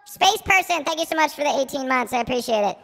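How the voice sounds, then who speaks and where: A man through a squeaky high voice changer. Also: lively intonation, fast, pushed and bright, big-room sound, exaggerated voice. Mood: casual. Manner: casual, fumbling. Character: high-pitched voice-changed streamer voice. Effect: pitch-shifting voice changer set high.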